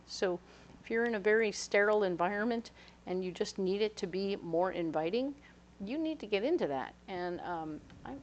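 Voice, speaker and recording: A woman giving a casual, playful tarot reading, chatty and full of quick asides. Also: mid-range voice, muffled recording, a little hiss or hum. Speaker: tarot reader.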